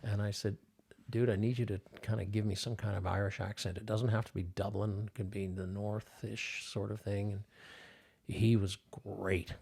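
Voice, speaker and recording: A man's voice: lowish voice, flat delivery, moderate pace, vocal fry, a little mellow, husky. An older man, a filmmaker guest on a podcast, telling stories casually with lots of fillers and restarts. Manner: rambling, many restarts and fillers. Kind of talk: casual storytelling interview.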